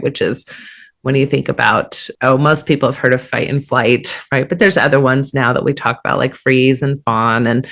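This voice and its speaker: A woman's voice: rumbling low, gravelly. A woman hosting a podcast conversation, explaining in an earnest, thinking-aloud way with frequent restarts. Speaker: podcast host and therapist.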